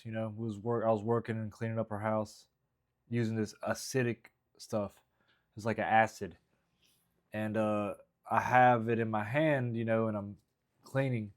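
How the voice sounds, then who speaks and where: A man comedian casually thinking out loud about his jokes, rambling with plenty of hesitant fillers. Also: lowish voice. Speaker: stand-up comedian writing jokes. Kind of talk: casual vlog thinking aloud.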